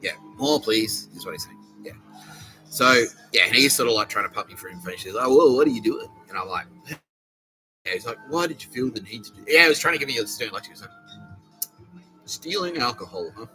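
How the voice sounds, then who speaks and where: A man's voice: medium pitch, animated, fast talker, pushed and bright, soft background music, poor audio. A man with an Australian accent, telling a long, profane, rambling comic story as a podcast host. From South Australia. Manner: profane, rambling, laughing asides.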